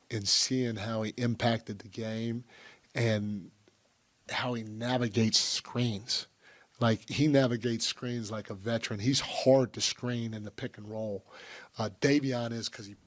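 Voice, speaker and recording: Male coach, press conference, dry close mic, earnest and halting. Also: medium pitch, dry recording. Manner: halting, with frequent restarts and fillers. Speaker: basketball head coach.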